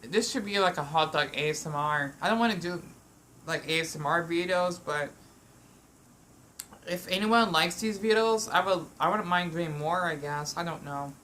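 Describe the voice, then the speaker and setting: A woman talks while she eats at home, wandering from thought to thought and often restarting her sentences. Her voice sits fairly low but has a bright, sharp edge. The delivery is loose and casual, as if chatting to a friend. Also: normal speed, slight background noise. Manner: meandering, with frequent restarts and fillers. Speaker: vlogger. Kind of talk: rambling eating vlog.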